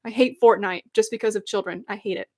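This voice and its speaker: A woman's voice: mid-range voice, fast talker, a little mellow. A young woman in her twenties rants casually to her stream chat, sarcastic and full of likes and ums.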